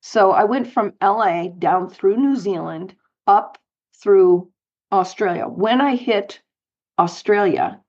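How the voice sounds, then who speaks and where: A middle-aged woman recounts her travels as an interview guest, animated and given to light laughs. Her voice sits at a middle pitch. The recording sounds dull and lo-fi. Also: takes it slowly, slight background noise. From United States, Colorado. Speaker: guest, author and speaker. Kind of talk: storytelling interview.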